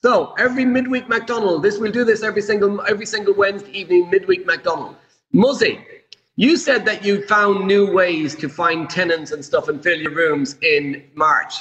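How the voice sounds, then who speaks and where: A man hosting an interview, asking brisk questions with a teasing edge. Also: high-pitched, fairly bright tone, roomy sound, big-room sound, lo-fi sound. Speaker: podcast host. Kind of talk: casual interview.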